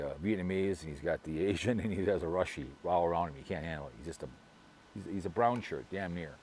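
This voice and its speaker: A middle-aged man with a very low, deep voice rambles through a casual vlog, repeating himself and restarting sentences as he gossips. Soft background ambience sits behind him. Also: slight background noise. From Minnesota, US. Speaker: vlogger.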